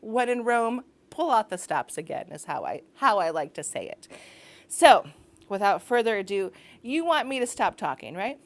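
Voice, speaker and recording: A woman's voice: mid-range voice, very animated, moderate pace. Chatty, self-mocking woman MC. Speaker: host and MC. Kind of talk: cabaret hosting.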